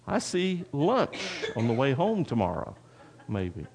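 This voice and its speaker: A man's voice: medium pitch, huge pitch swings, unhurried, vocal fry, crowd noise. A man preaching a sermon, folksy and talking straight to the congregation, with a personal story. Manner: folksy, addresses the congregation directly. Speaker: pastor.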